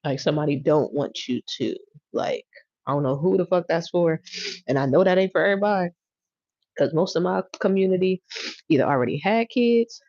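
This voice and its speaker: A woman's voice: lowish voice, animated, a little fast, a little mellow, no room sound. Laughing, teasing woman reading tarot live. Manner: laughing, drawling, teasing, repeating phrases. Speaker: livestream tarot reader. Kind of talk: casual livestream chat. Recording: dry, dull lo-fi sound.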